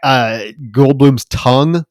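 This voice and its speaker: A man's voice: mid-range voice, slow, dry recording, studio quality. A man co-hosting a casual film podcast, retelling scenes in a wry, conversational way. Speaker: podcast co-host.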